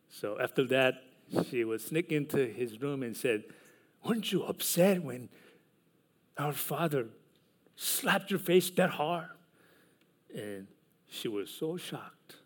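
Slow, emphatic male preacher. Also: medium pitch, lively intonation. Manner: slow, emphatic preaching with loud peaks and dropped asides. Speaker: pastor. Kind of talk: sermon.

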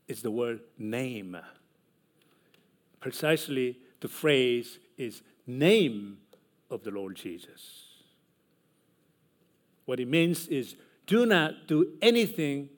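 Male pastor, unhurried sermon delivery with loud emphatic peaks and hushed asides; mid-pitched voice.

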